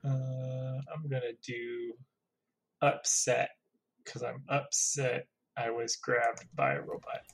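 A man's voice: mid-range voice, level tone, slow, gravelly, a bit bright, husky. A man playing a tabletop game, hesitant and asking questions about his moves. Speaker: player.

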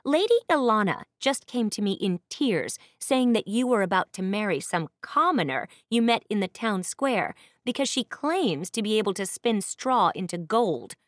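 A woman's voice: mid-range voice, sing-song, moderate pace, few pauses, dry recording, clean studio sound, natural voice. A woman voicing a furious royal older sister who scolds her brother in an audiobook. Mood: indignant. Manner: indignant, scolding.

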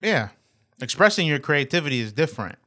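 A playful man chatting with friends, quick to laugh. His voice is bright and his pitch jumps around a lot. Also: sing-song. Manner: playful, laughs often, tries silly voices. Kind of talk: casual banter.

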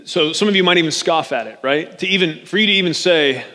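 Chatty, joking preacher in a long-echoing church. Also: male voice, fairly high pitch, fast, bright, forceful tone. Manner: chatty and joking, often checks in with "right?". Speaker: pastor. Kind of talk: conversational sermon.

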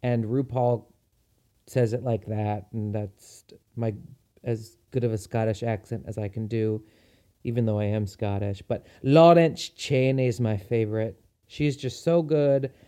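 A man's voice: lowish voice, fairly even intonation, unhurried, dark tone, smooth. A man hosting a podcast, talking in a chatty, enthusiastic way with frequent ums. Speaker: podcast host. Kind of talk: casual solo podcast chat.

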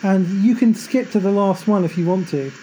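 A woman's voice: mid-range voice, moderate pace, mellow, a little hiss or hum, low-quality recording. A woman hosting a podcast, chatty and agreeable, filling her talk with "you know" and "like". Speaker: podcast host. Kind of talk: casual faith podcast chat.

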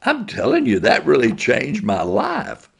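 A man's voice: a little high, wildly swooping pitch, a little slow, creaky, husky, voice pushed up, full character voice. A man doing a stammering teenage boy. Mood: earnest. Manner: stammering, startled. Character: sleepy teenage boy, stammering then grateful.

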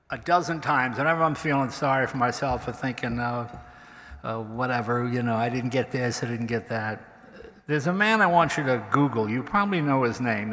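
An older man, a comedian, telling anecdotes on stage at a live event, acting out the people in his stories. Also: mid-range voice. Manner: animated storytelling, acts out the people in his stories. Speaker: comedian, guest speaker. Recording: reverberant hall from a stage mic.

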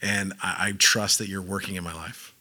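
A man's voice: deep voice, little pitch movement, normal speed, sharp tone. A man preaching a casual sermon, talking conversationally with lots of "like" fillers and acting out quotes as he goes.

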